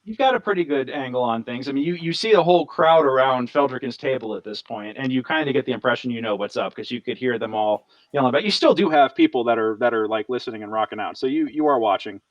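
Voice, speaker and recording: A man running a tabletop game as game master, lively and quick to slip into voices for side characters. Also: mid-range voice, muffled recording.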